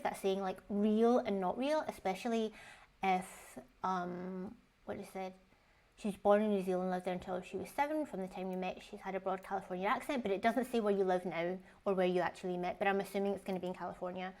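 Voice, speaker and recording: A woman's voice: medium pitch, fast. A woman giving casual, frank reaction commentary on online posts. She talks in a chatty way, swears freely and keeps asking rhetorical questions.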